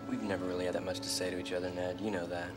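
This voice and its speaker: An actor playing an earnest young American soldier with an American accent. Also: male voice, deep voice, flat delivery, very fast, natural voice. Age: young adult. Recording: music score under the dialogue.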